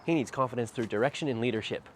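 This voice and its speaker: Talking very fast in a mid-range voice, a man walks a dog beside a street and explains his dog training, habitually asking "right?" after short phrases. Faint outdoor noise sits in the background.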